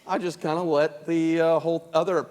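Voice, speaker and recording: A man's voice: on the high side, little pitch movement, a little fast, darkish tone. A man speaking at a youth convention, telling a shared story with playful, teasing interruptions. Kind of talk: storytelling with his wife on stage. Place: large convention hall. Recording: long hall reverb, faint ambience.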